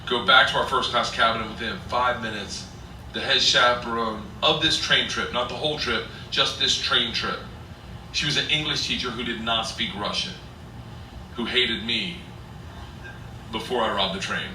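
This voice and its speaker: A man telling a stand-up story loudly and excitably, often laughing at his own lines. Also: medium pitch, normal speed. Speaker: stand-up comedian. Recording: echoey distant playback with noise.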